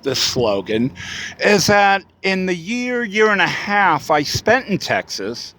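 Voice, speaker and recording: A man's voice: high voice, very animated, slow, fairly bright tone. A man giving a casual spoken reflection for his vlog, rambling with many fillers and restarts. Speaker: vlogger.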